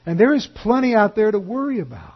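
High-voiced husky male preacher. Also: fast, muffled recording. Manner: earnest preaching with animated storytelling, softening to a hushed close. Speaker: pastor. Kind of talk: sermon.

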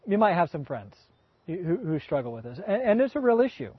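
A man's voice: high voice, big pitch swings, fairly quick, slightly rough, no room sound. A man preaching a folksy, emphatic sermon full of rhetorical questions, in a dull, dry recording.

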